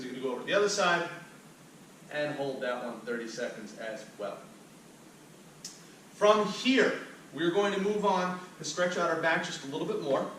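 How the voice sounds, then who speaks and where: A man's voice: on the high side, a bit bright, slight background noise. Man coaching stretches in an echoey room. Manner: upbeat, talks the viewer through each step while demonstrating. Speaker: fitness instructor. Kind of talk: instructional workout demonstration. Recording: very echoey room, mic at a distance.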